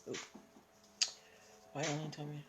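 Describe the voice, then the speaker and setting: A woman's voice: low voice, completely flat delivery, unhurried, heavy background noise. A woman hosting a casual live stream, chatting and greeting viewers by name. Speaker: livestream host.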